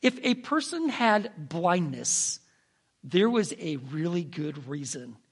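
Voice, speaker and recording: Animated high-voiced male preacher. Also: takes it slowly, husky. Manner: dramatic, swinging from hushed to emphatic. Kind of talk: storytelling sermon.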